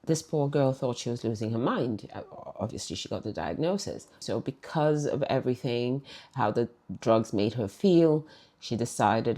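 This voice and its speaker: A woman's voice: extremely low pitch, lively intonation, unhurried, vocal fry, mellow. A woman telling a story to her viewers in a chatty way, speaking right to them. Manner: chatty, addresses viewers directly. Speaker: vlog storyteller. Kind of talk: casual storytelling to camera.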